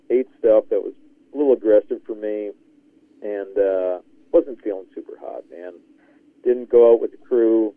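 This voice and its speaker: A man's voice: medium pitch, no room sound. Male podcast guest, chatty yarn-spinner, thin phone-line sound. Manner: rambling, laughs often, says "man". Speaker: guest contributor. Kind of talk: casual podcast storytelling. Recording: tinny, dry phone line.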